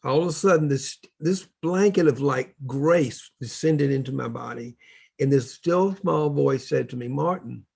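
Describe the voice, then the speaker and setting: A man's voice: medium pitch, measured pace, creaky, dark tone, slightly rough. A man speaking as a spiritual teacher, telling his story in an earnest, preachy way during a casual workshop conversation.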